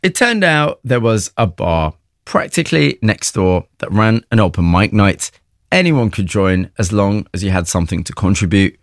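Brief: male narrator-interviewer, low voice, dry close sound, measured scripted read. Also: lively intonation, dry recording.

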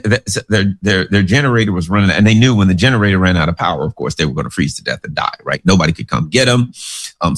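A man giving casual political commentary, rambling through sarcastic anecdotes. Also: mid-range voice.

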